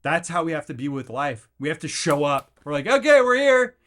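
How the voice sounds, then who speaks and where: A man's voice: on the high side, fairly quick. A man hosting his own podcast, delivering a rambling motivational rant full of fillers and restarts, breaking into voices to act out what people say. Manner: energetic, rambling, acts out quotes in jumpy voices; filler-heavy, with frequent restarts. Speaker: podcast host.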